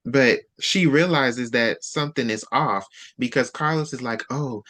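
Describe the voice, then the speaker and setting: Host, male, casual book chat; animated storyteller who acts out lines. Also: medium pitch, unhurried.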